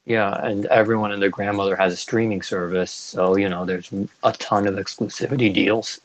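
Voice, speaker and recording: A man's voice: on the low side, fairly even intonation, brisk, poor audio. A young man co-hosting a podcast in casual chat, enthusiastic and chatty, stumbling through restarts. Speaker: podcast co-host.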